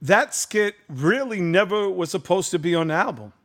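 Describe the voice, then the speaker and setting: A man's voice: high-pitched, moderate pace. A man, a guest on a conversational show, telling a story casually and with animation. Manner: animated, laughing, lively storyteller.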